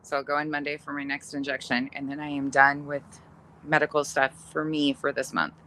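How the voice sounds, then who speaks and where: A woman's voice: low voice, little pitch movement, a little fast, pushed and bright, slight background noise. A middle-aged woman chatting casually on a livestream, reading viewer comments, laughing often and swearing casually. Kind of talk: casual chat.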